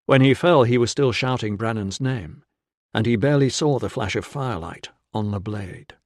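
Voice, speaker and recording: A man reading an audiobook in a measured, steady scripted narration. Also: medium pitch, no echo, clean studio sound.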